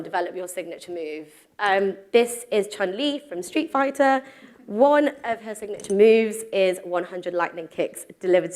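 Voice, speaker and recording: A woman in her thirties giving a live conference talk to an audience, casual and self-deprecating, with frequent ums. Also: on the low side. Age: 30s. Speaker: conference speaker. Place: stage before a live audience.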